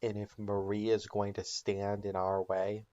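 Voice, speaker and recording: A man's voice: lowish voice, completely flat delivery, unhurried, warm tone, muffled recording, lightly acted. A man doing a grim stubborn crime-boss father. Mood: defiant. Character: grim middle-aged male meth-cook patriarch.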